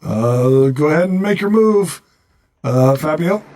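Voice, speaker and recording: A man's voice: on the high side, lively intonation, measured pace, a little mellow, faint music behind. A man narrating a tabletop game as game master, hesitant and full of fillers.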